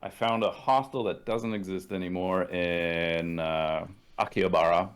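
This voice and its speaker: A man's voice: low-pitched, fairly even intonation, a little slow, clean tone. A man from Canada, a podcast guest, telling stories in a casual, profane, laid-back way and acting out what people said. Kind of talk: casual storytelling.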